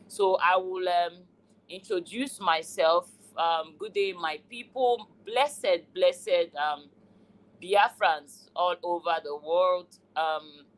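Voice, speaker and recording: Nigerian woman, meeting host, low voice, unhurried and full of pauses. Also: fairly bright tone, poor audio. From southern Nigeria. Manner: measured, many pauses and fillers. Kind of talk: online community meeting.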